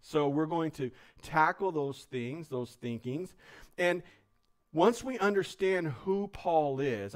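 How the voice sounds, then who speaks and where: A man preaching a sermon as a pastor, casual and easygoing, dropping "man" into his talk. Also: a little high. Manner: casual, joking, says "man" often. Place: church.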